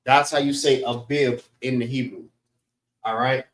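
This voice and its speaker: A man's voice: mid-range voice, measured pace. Man teaching a class in an echoey room. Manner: relaxed, repeats "all right" often.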